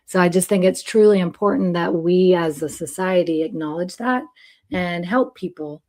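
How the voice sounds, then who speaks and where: Soft-spoken woman hosting a podcast. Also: fairly low pitch, normal speed. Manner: gentle, reflective, many ums. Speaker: host. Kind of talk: faith-based podcast conversation.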